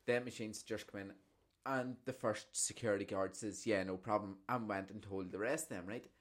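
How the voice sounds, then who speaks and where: A man hosting a podcast and telling animated stories, full of swearing. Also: fairly low pitch, normal speed. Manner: animated, profane storytelling. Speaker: podcast host. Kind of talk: casual chat.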